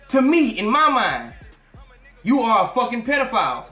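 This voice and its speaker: High, bright-voiced man ranting on a podcast. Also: unhurried, echoey room, faint music behind. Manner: animated, profane, mocking, slips into quoted voices. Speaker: podcast host. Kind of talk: profane commentary rant.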